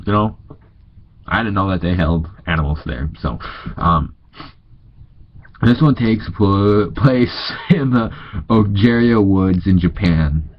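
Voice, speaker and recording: Young guy from north dakota, stuffy nose, worn out late at night, reads stuff out loud and keeps fumbling, lowish voice. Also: animated, slow, long pauses, muffled recording. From North Dakota, USA. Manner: stumbling, self-correcting reading. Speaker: vlogger reading ghost stories. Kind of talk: casual read-aloud with asides.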